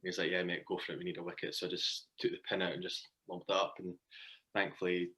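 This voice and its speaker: A man with a very low voice tells cricket stories in a relaxed, chatty way. He laughs through his anecdotes and talks casually as an interview guest. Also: fast talker. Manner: chatty storytelling, laughs often.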